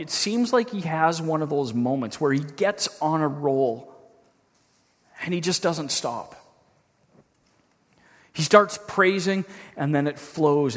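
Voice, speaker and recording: A man preaching a sermon as a pastor, earnest and reflective, slowing down to read scripture aloud. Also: fairly high pitch, long reverb tail. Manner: earnest, reflective, slows down when reading scripture.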